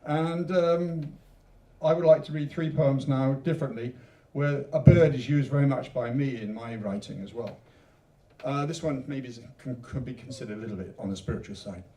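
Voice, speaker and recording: A man's voice: mid-range voice, moderate pace, warm tone. Chatty man reading poetry in an echoey room. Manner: rambling, joking asides between poems, rhythmic emphatic recitation. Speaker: poet reading his own work. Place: literature event venue, indoors. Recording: echoey room recording from a distance.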